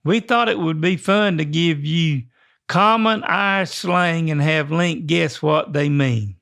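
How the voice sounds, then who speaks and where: An older man with a Southern American drawl, reading emails and telling corny jokes at an unhurried pace. His voice sits high and has a gravelly, creaky edge. He delivers the punchlines drily. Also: a bit bright. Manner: slow, dry joke-telling, reads emails aloud. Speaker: co-host, reads listener emails. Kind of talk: casual podcast chat.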